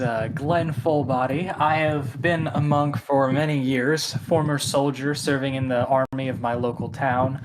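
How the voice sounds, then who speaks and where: A man playing a deadpan lying monk mercenary. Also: mid-range voice, noisy background, close to an everyday voice. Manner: slow, hesitant, deadpan. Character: deadpan male monk mercenary, boastful liar.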